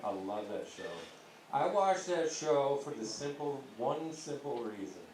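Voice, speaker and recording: A young man works through a crude, rambling stand-up set on a comedy club stage. The sound is roomy and echoey, picked up from some distance, with steady club noise around him. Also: mid-range voice, a little slow. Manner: crude, rambling delivery with acted-out voices. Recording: echoey club heard from afar.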